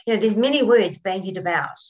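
A woman's voice: mid-range voice, lively intonation, a little fast, rough recording. Woman host, reflective and affirming. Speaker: interview host. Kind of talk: casual interview chat.

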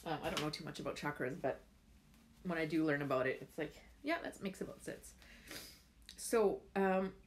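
A woman's voice: sits low, moderate pace, a little hiss or hum. A woman, chatting casually and heartfelt in a rambling way with lots of fillers. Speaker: vlogger sharing essential oil tips. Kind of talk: casual chat to camera.

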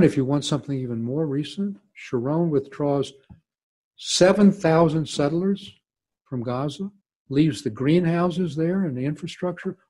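Emphatic, wandering anecdotes come from a former diplomat, an older Southern US man speaking as a guest at a storytelling talk with audience Q&A. His voice is fairly high, slightly rough and darkish in tone.

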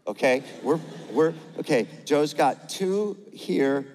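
A man's voice: a little high, slow, slight background noise. Older male pastor in an echoey hall. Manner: energetic, rallies the crowd with call-outs; gentle and playful when talking to a child. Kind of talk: sermon with a live demonstration. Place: large church auditorium, on stage. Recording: echoey large church hall.

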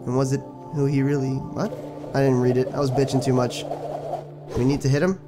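A young man casually commenting on his own video game playthrough, excitable and profane, talking back to the characters on screen. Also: medium pitch, a little fast, over music. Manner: excitable, swears a lot, talks to the game characters. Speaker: gaming channel host. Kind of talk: casual let's play commentary.

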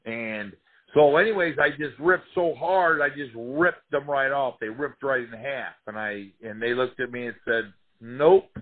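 A man tells loud, profane stories from his fighting days, and his voice keeps rising and dropping as he gets caught up in them. His pitch sits in an ordinary middle range. The audio comes through thin and narrow, like a phone line. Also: a little slow. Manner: profane, animated storyteller. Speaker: former fighter telling career stories. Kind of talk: casual storytelling interview.

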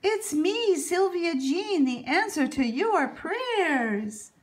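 A woman reading aloud and voicing an eager, excitable young girl pig scout who talks in a loud, gushing way. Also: on the high side, slow pace, husky, full character voice. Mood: excited.

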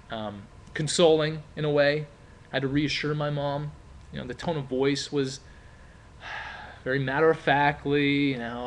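A man's voice: fairly high pitch, fairly even intonation, measured pace, a little hiss or hum. A man teaching a class in a casual, chatty way, with many fillers and rhetorical questions. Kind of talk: classroom explanation with role-play.

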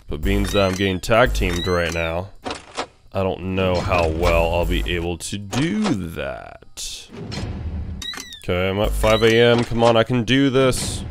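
A young man commentating a horror video game he is playing, muttering tensely one moment and yelling excitedly the next. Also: fairly low pitch, slow. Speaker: gaming youtuber. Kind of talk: let's play commentary. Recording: game music behind the voice.

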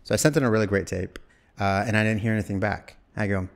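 Talking fast in a lowish, gravelly voice, this Wyoming-born actor in his forties tells rambling stories as an interview guest. He gets animated and performs snippets of dialogue while he talks.

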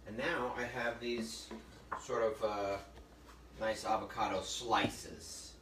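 A man's voice: on the low side, fairly even intonation, takes it slowly, noisy background. A middle-aged man hosting a casual cooking demonstration in a kitchen, chatting and joking with viewers and telling stories as he works. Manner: chatty storyteller, jokey asides to viewers. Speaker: cooking show host. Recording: echoey room from a distance, faint ambience.

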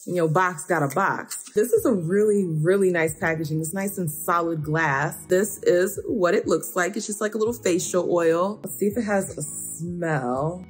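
A woman's voice: lowish voice, moderate pace, hardly any pauses, slightly rough, soft background music. A woman vlogging a beauty box unboxing, reading out labels and chatting about each product with delighted little exclamations. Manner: reads out product labels and comments on them.

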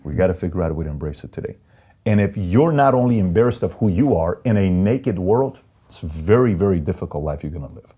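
Interview guest: deep, husky man, emphatic, repeats lines to drive points home. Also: lively intonation, fast talker, dark tone. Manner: emphatic, repeats phrases for effect. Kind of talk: candid conversational storytelling.

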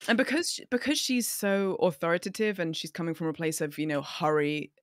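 A woman voice actor, a podcast guest, telling work stories in casual chat with animated, laughing energy. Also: lowish voice, a little fast, no echo, clean studio sound.

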